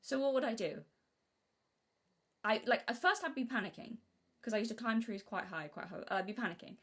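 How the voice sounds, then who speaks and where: A young woman from Britain talking casually on a live stream, rambling and restarting her sentences, sometimes acting out what she said as a child in a high voice. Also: expressive, brisk, fairly bright tone, husky. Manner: rambling, self-interrupting, acts out childhood quotes in a high voice.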